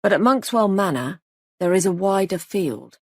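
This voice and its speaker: A woman's voice: mid-range voice, expressive, normal speed, slightly rough, no room sound, studio quality. A woman voicing a grave male police sergeant who questions people in a clipped, insistent way. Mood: stern.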